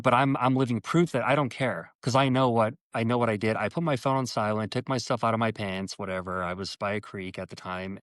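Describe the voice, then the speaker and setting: A man as an interview guest telling a personal story earnestly, halting and restarting, and acting out quoted dialogue with his voice jumping up in pitch. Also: a bit bright, no room sound.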